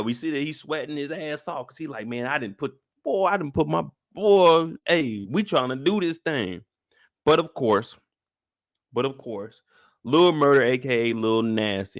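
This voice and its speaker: Lively young man, profane recap host, dry close sound. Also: no echo. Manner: profane, joking, rants with bursts of high-pitched outrage. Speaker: host of live TV recap show. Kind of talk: animated casual recap chat.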